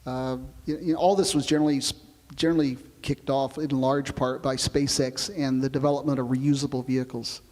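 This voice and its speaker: A man who flew as an astronaut, telling his experiences in an oral history interview in a relaxed storytelling way. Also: medium pitch, brisk, big-room sound. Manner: relaxed storytelling, explains with comparisons.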